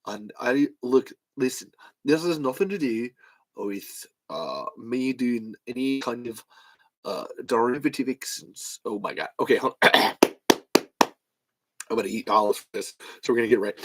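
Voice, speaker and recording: A man's voice: mid-range voice, animated, moderate pace, rough recording. Male podcast host, casual, rambling, salty language. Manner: rambling, profane. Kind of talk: casual chat.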